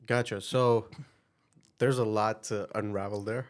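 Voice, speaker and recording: On a podcast, a young Indian guest with an Indian accent chats casually about his story, energetic and upbeat and using plenty of fillers. His voice is on the low side and his pace unhurried.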